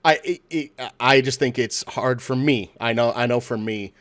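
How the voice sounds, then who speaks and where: A man's voice: medium pitch, moderate pace, fairly bright tone, no echo. Easygoing man chatting over a game. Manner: loose, profane, thinking aloud. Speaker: gamer chatting while playing. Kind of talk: casual chat over game voice chat.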